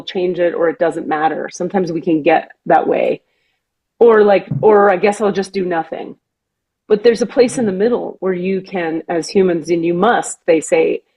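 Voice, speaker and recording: A woman hosting a podcast, talking earnestly and with feeling in casual chat, sometimes slowing down to stress a point. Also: on the low side, muffled recording. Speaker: podcast host.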